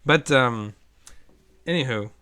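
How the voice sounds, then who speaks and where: A young man in casual podcast chat, telling an animated story, acting out quoted lines and swearing freely. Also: mid-range voice, takes it slowly, clean tone. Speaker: podcast co-host.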